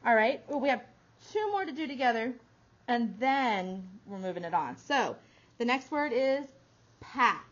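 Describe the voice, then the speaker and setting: Teacher sounding out words slowly, dull recording. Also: female voice, a little high, lively intonation. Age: adult. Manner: slow, drawn-out sounding out of words with encouraging praise. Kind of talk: small-group phonics lesson. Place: classroom. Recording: dull lo-fi classroom recording with faint noise.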